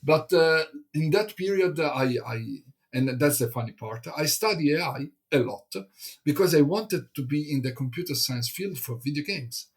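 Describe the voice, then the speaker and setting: A man from Italy, an English speaker, chats as a guest in a hesitant, halting way, full of fillers and restarts. His voice is husky and a little breathy. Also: on the high side, animated. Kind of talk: casual conversation.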